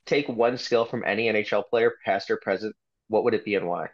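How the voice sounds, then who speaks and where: A man hosting a casual interview, asking upbeat, quick questions. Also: fairly low pitch, fairly even intonation, lo-fi sound.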